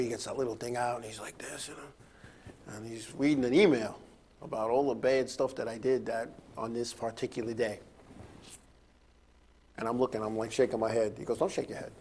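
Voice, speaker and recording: A man's voice: mid-range voice, steady tone, a little fast, darkish tone, a little hiss or hum. A middle-aged man hosting a radio talk show, telling stories in a rambling way with many fillers and chuckles. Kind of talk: casual storytelling chat.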